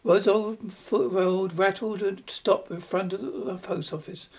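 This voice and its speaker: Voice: mid-range voice, steady tone, a little slow, husky. A reader narrating a short story aloud, with an uneven pace and occasional restarts.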